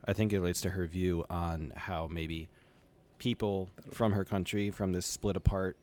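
A man's voice: deep voice, steady tone, moderate pace, a little mellow. A man discussing a novel with friends over a video call, reading passages aloud with feeling and laughing easily. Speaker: book club member.

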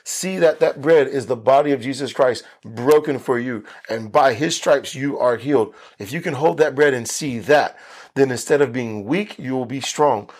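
A man's voice: medium pitch, moderate pace. A man pastor teaching a Bible study for video, earnest and emphatic, repeating key phrases for stress.

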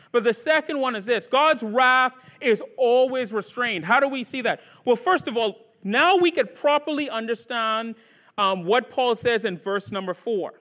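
A man's voice: extremely high pitch, pushed and bright. A man preaching a sermon as pastor, conversational with asides to the congregation, building to fervent rhetorical questions.

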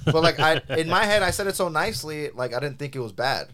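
A young man, chatting casually and telling animated stories full of swearing and filler words. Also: fairly high pitch, fast, hardly any pauses. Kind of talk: casual chat.

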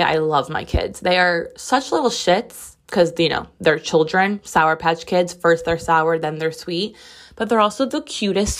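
A woman in her twenties hosting a podcast, telling a story in casual, chatty talk full of "like" and swearing. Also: on the low side. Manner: chatty, profane storytelling with lots of "like". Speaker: podcast host. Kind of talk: casual solo podcast monologue.

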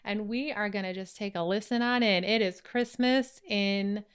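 A woman's voice: medium pitch, moderate pace, clean tone. A woman hosting a podcast in casual chat, playful and teasing. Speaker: podcast host.

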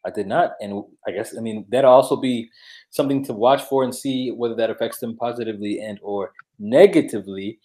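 A man co-hosting a sports podcast in casual chat, laid-back and quick to laugh, with many filler words. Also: medium pitch, darkish tone. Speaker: podcast co-host.

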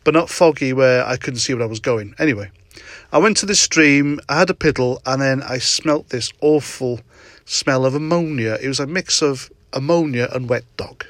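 A man's voice: medium pitch, normal speed, fairly bright tone, no echo. A middle-aged man hosting a casual solo podcast from his parked car at night, telling a story with frequent laughs and swearing. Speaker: podcast host.

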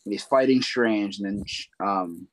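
A man with a fairly low voice chats loosely about a film. He retells it in a rambling way, with plenty of ums and likes. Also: unhurried, slight background noise, poor audio. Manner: rambling retelling with many fillers. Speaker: movie recap co-host. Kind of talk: casual chat.

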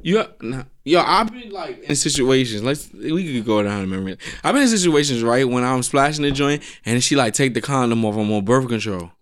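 A man's voice: medium pitch, animated, a little fast, hardly any pauses. A man co-hosting a podcast, tipsy, talking in loose slangy banter that trails off and breaks into laughter. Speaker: podcast co-host. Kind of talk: casual explicit banter.

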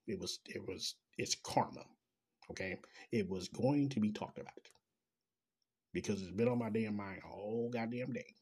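A man's voice: fairly low pitch, breathy edge. A man delivering an angry, profane, sarcastic rant straight to the listener. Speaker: commentator. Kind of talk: ranting commentary.

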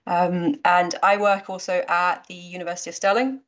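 A woman's voice: on the low side, little pitch movement, normal speed, muffled recording. A young woman from the English Midlands with a slight Scottish twang, chatting casually as a guest fitness coach on a podcast. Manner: chatty, laughs easily, many fillers.

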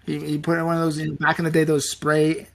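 A man's voice: on the high side, monotone, fast talker, vocal fry. A man in his thirties from Canada, telling rambling, self-deprecating anecdotes in casual chat.

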